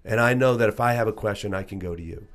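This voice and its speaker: Low-voiced man, earnest and emphatic. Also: fast. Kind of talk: casual podcast chat.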